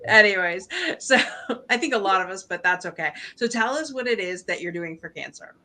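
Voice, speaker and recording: A woman hosting a podcast interview, affirming her guest and asking brisk, casual questions. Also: medium pitch, lively intonation, pushed and bright. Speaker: podcast host.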